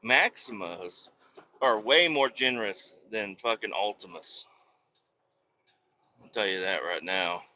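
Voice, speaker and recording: A man rambling and cursing in a casual monologue while driving his truck down the highway, with sudden loud outbursts. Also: lively intonation, slow pace, long pauses, highs cut off. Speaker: podcast host.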